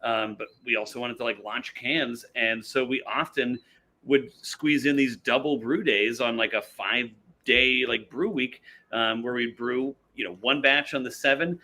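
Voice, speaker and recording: Bright-voiced man telling a long story. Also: mid-range voice, a little slow. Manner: rambling storyteller, self-mocking asides. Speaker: brewery guest. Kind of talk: casual podcast chat.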